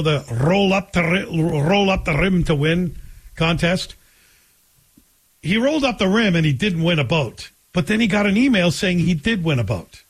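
A man's voice: a little high, husky. A middle-aged man hosting a talk radio show, telling stories in a joking, conversational way. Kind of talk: casual monologue.

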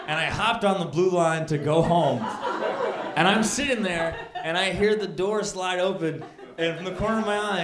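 A man doing a stand-up set, telling a story with growing excitement and laughing into his lines. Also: fairly high pitch. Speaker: stand-up comedian. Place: comedy club stage. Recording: echoey live room with crowd.

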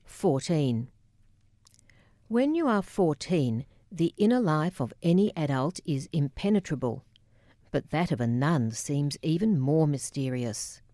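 A woman narrates her memoir in a measured, wry way. Her voice sits low and mellow. It is recorded dry and close, with no room sound. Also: expressive, no echo.

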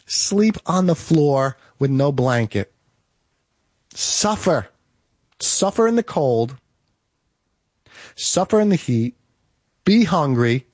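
Man, slightly high voice, dry close sound, punchy motivational talk straight to camera, lots of repetition. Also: a little mellow, breathy edge, no room sound. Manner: emphatic, repetitive, direct to listener. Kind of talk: motivational monologue.

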